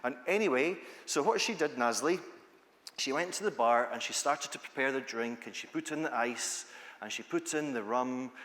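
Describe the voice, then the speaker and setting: A man with an east-coast Scottish accent tells stories to a conference audience in a playful, chatty way, checking in with them often. His voice sits at an ordinary middle pitch. A long reverb trails off the walls of the big hall. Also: expressive, normal speed, fairly bright tone. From Scotland. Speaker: conference speaker, teacher trainer. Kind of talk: storytelling talk to an audience.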